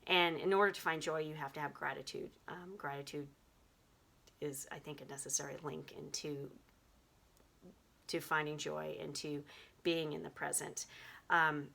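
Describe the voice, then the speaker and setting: A middle-aged woman hosting a self-help video, talking reflectively with gentle, musing delivery and many fillers. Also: low voice, fairly even intonation, moderate pace, gravelly, pauses often. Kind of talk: reflective talk to camera.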